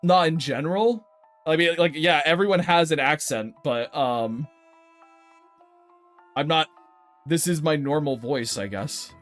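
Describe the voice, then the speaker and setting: High-voiced playful young male streamer. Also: measured pace, pauses often, faint music behind. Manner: animated, playful, mock-indignant with frequent laughs. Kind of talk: casual chat with stream viewers.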